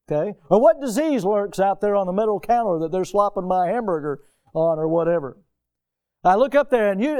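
A pastor from the United States delivers a Sunday sermon in a church, leaning into his points with emphatic repetition. His voice sits a little high yet sounds mellow and warm, dropping low for tender moments and climbing sharply when he presses a point. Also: smooth. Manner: emphatic preacher, swinging between hushed and loud.

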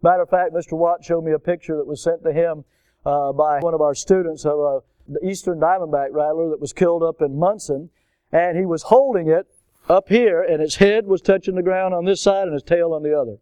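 A middle-aged man, preaching a storytelling sermon and acting out voices and shouts from his tales. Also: a little high, brisk, smooth, no echo. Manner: animated, acts out voices and shouts in stories. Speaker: preacher at a school chapel.

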